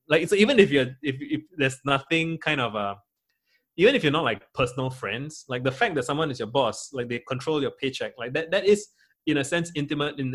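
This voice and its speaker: A young man, talking as a guest in a casual interview, rambling with many fillers and restarts. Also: mid-range voice.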